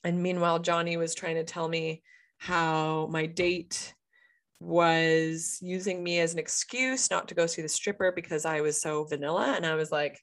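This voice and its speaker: Western canadian woman chatting on a podcast, kinda low voice, laughs a lot, swears. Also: moderate pace. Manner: animated, laughs often, frank and swears. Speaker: podcast co-host. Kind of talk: casual storytelling chat.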